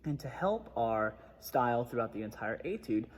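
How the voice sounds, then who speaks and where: A man's voice: mid-range voice, sing-song, moderate pace, slightly rough, long reverb tail. A man giving a methodical trombone lesson, explaining articulation step by step. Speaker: trombone teacher. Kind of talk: instructional music lesson.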